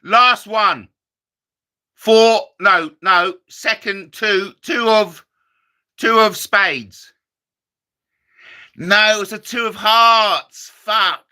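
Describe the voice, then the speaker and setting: A man's voice: high-pitched, extremely slow, pauses often, bright, forceful tone, clear, resonant tone. A man doing comic card-trick patter as a magician, self-mocking and chatty with the audience. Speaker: comedy magician.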